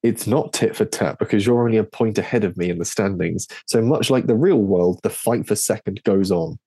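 A man co-hosting a casual podcast chat, joking through quick banter. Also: on the low side, dark tone, husky, no echo. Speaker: podcast co-host.

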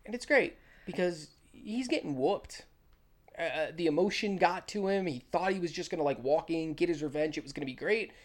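A man's voice: a little high, moderate pace. Male co-host, enthusiastic scene-by-scene movie recap, casual. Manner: enthusiastic, retells scenes with quoted lines. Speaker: podcast co-host.

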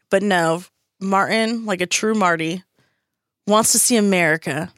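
A young woman co-hosting a podcast in casual chat, excitable and laughing often as she acts out quotes. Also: medium pitch, measured pace, no room sound, clean studio sound. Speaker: podcast co-host. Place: recording studio. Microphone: studio mic.

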